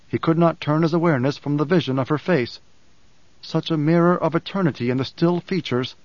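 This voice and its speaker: A man narrating an audiobook in a measured, solemn reading. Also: fairly high pitch, a little mellow, no room sound, muffled recording. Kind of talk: scripted narration.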